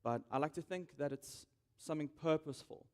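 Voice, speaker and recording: A man's voice: a little high, brisk, a little mellow. Young man giving a hesitant welcome speech. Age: young adult. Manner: hesitant, frequent ums. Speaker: event organizer giving welcome. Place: conference stage.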